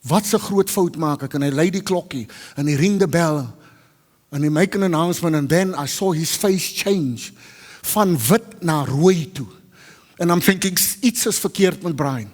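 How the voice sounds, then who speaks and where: A South African man preaching a sermon, telling a personal story and acting out the dialogue with lively, loud character voices. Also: a little high, moderate pace. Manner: switches between Afrikaans and English, acts out dialogue loudly. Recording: long hall reverb.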